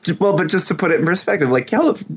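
A man's voice: high-pitched, expressive, rapid-fire, breathy edge. A man co-hosting a podcast in casual chat, asking questions, explaining things and teasing his co-host.

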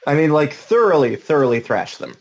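A man co-hosting a podcast in casual chat, animated and teasing, talking in quick bursts. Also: a little high, lo-fi sound, a little hiss or hum. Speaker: podcast co-host.

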